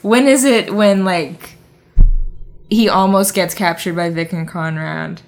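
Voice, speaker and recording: A woman's voice: fairly low pitch, slow pace. Woman recapping a movie, chatty. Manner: recaps plot with many "like" and "um" fillers. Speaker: podcast co-host. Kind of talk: casual movie recap chat.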